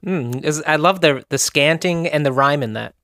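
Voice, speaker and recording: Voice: medium pitch, normal speed, fairly bright tone, dry recording, studio quality. A podcast co-host chatting casually in a giggly, playful way. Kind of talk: casual chat.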